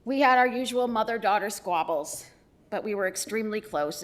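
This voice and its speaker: A middle-aged woman giving a eulogy for her mother, telling stories with gentle humor. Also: fairly low pitch. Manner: warm storytelling with gentle humor. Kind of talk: funeral eulogy.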